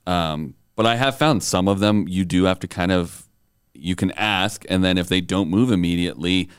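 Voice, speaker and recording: A man co-hosting a casual conversation, chatty and quick to laugh. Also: sits low, clear, resonant tone, dry recording, studio quality. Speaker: co-host.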